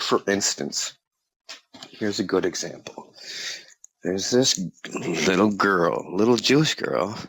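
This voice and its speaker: A man's voice: sits low, no echo. A man talking in a casual interview, rambling and chuckling, with many fillers.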